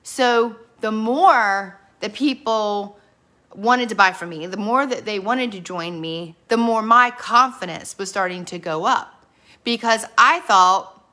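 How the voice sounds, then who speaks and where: A middle-aged woman who leads a direct sales team gives a motivational training in a slow, sharp, medium-pitched voice. She tells earnest stories full of quoted dialogue and addresses her listeners directly.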